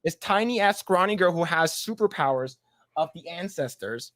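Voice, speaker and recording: As a podcast co-host, a man recaps a show in casual, profane chat, performing the scenes in little voices. His voice is on the high side, animated and a bit bright, at a moderate pace, recorded dry.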